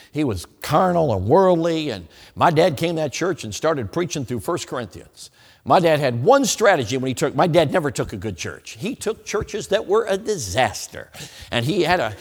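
Middle-aged male preacher, animated storyteller quizzing the pews, reverberant hall. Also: on the high side, normal speed, slightly rough. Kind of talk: sermon.

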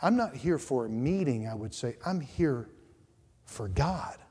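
A male pastor preaching a sermon in a church, repeating words and swinging from quiet asides to loud outbursts. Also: medium pitch, expressive, a little slow, breathy edge. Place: church sanctuary. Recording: reverberant church hall.

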